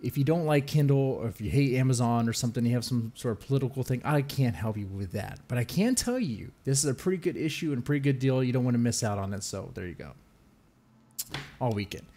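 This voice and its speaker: A man's voice: mid-range voice, lively intonation, warm tone, a little hiss or hum. Male podcast host, casual and jokey, mid-range voice, prone to laughing asides. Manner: loose, jokey, laughs often, quick asides.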